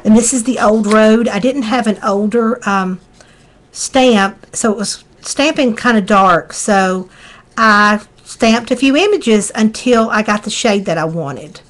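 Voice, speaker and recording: This Southern US craft demonstrator, middle-aged, has a mid-range voice and an unhurried manner. During her live tutorial she chats in a homey, folksy way while she works.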